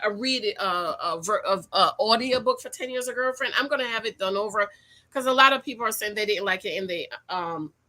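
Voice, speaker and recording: Bright-voiced woman hosting a chatty livestream. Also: a little high. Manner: animated, repeats phrases, uses slang. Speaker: livestream host and dating coach. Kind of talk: casual livestream chat reading comments.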